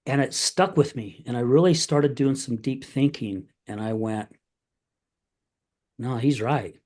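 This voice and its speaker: A man's voice: mid-range voice, moderate pace. A middle-aged male podcast host talking in an easy, conversational way. He retells stories candidly and acts out the people in them. His voice sits in a middle register. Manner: storytelling, animated retelling of conversations; candid, plain-spoken. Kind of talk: casual conversation.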